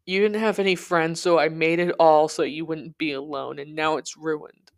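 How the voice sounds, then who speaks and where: A woman's voice: sits low, fairly even intonation, moderate pace. A narrator voicing a bitter, accusing young woman who speaks in a cold, blaming way.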